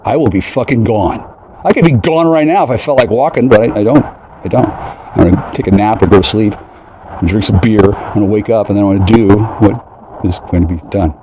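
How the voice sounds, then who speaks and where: A man in a rambling, profane monologue who keeps breaking into mocking high voices. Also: fairly quick, noisy background.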